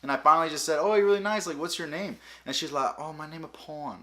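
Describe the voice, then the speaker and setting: A young man vlogging, telling funny travel stories in a casual, animated way and acting out the people he quotes. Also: fairly high pitch, fast talker. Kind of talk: casual storytelling.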